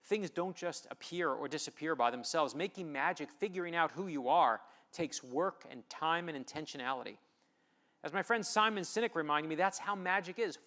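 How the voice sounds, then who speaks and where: A man, an author, giving a festival keynote speech, telling stories with rising emphatic build-ups and dramatic quiet drops on key phrases. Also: on the high side, vocal fry.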